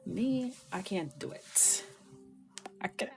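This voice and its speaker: A woman's voice: sits low, huge pitch swings, unhurried, noisy background. A woman chatting casually while she colors, playful and talking to herself, often dropping to a whisper. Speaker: coloring creator. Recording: clear music underneath. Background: music.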